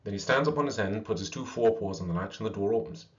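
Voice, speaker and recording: A man's voice: fairly low pitch, racing, muffled recording. Man reading a fairy tale aloud. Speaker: storyteller. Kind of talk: storybook read-aloud.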